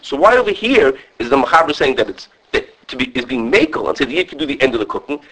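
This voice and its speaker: Fast, animated man teaching a Torah class. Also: a little high, creaky, low-quality recording. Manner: quick, lively, mixes Hebrew and Yiddish terms into English; often restarts and checks in with "okay". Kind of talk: animated halachic lecture with students.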